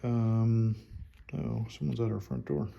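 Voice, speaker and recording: A man playing a board game at home, calmly talking through his turn and counting his units and money aloud. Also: fairly low pitch, slow pace, vocal fry, dull audio. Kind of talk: casual solo board game playthrough.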